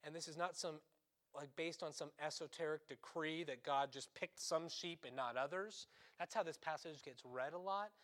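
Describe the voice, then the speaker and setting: A male priest with a high voice preaches a sermon in a conversational way, full of asides. He swings between loud, urgent emphasis and quiet, hushed intensity. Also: normal speed.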